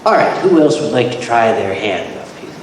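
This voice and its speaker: Lively jokey open-mic host. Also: male voice, on the low side, moderate pace. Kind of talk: emceeing a convention panel. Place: large convention hall with audience. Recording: echoey hall, distant mic, loud noise.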